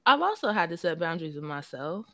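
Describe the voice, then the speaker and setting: A woman podcast co-host with a Southern US accent, telling stories in casual chat, animated and swearing freely. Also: fairly low pitch, fast talker, no room sound.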